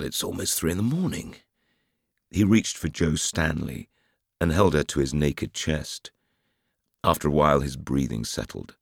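A man with an extremely low, gravelly, husky voice narrates a thriller in a measured, dramatic way. The recording is close and dry. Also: no echo. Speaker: audiobook narrator. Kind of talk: scripted narration.

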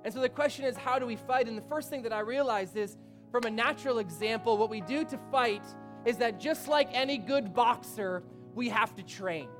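A man preaching a sermon in a church, lively, rising toward a shout, peppered with rhetorical questions. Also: very high voice. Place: church sanctuary. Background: faint instrument music.

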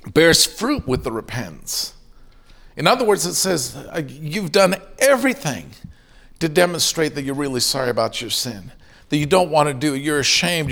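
A man's voice: a little high, gravelly, fairly bright tone. A middle-aged man preaching a sermon in an earnest way, now and then acting out the voices of people in his stories. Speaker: pastor.

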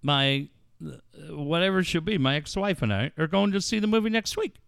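A man's voice: a little high, brisk, vocal fry, smooth, no echo, studio quality. A man hosting a sports talk show, telling stories in a casual, profane way. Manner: animated, profane storytelling. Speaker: sports radio host.

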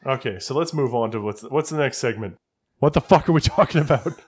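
Male podcast co-host, mid pitch, steers the talk, teasing. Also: expressive, brisk, breathy edge. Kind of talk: casual chat.

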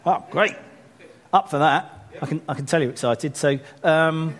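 Chatty, lively British pastor man. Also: on the high side, moderate pace. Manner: chatty and self-deprecating, rising animated when exhorting. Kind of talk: church announcements and sermon. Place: church gathering.

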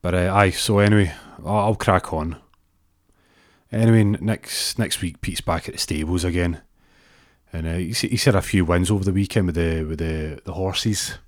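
A man's voice: low voice, moderate pace, dry recording, studio quality. A man with a Scottish accent telling a casual, rambling anecdote, often repeating words. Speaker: storyteller.

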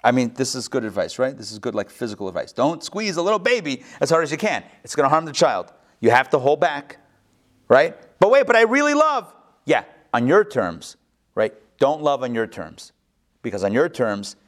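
A rabbi giving a live Torah class, animated, with joking asides and quick self-corrections. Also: male voice, mid-range voice.

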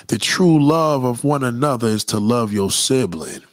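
A man's voice: mid-range voice, expressive, moderate pace, no room sound, clean studio sound. A man delivering a profane, preachy rant straight at his audience. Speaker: commentator. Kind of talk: impassioned monologue rant.

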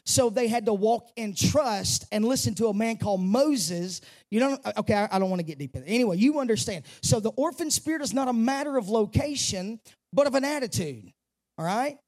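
A man's voice: high-pitched, expressive, a little fast, a little mellow. A male pastor giving a sermon in a church, pushing his voice up on key phrases and dropping into chatty asides. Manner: preaches with rising emphasis and casual asides. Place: church sanctuary.

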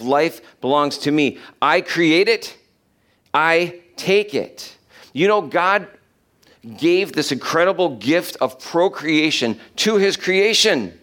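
A man preaching a sermon, reading scripture aloud and explaining it, slowing down to stress key verses. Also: fairly high pitch, a bit bright. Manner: emphatic, slows down to stress quoted verses.

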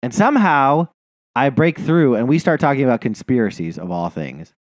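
Male podcast host, casual rambling story, lively pitch swings, dry close sound. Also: moderate pace, dry recording. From New Jersey. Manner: rambling storyteller, profane, laughs a lot. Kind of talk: casual chat.

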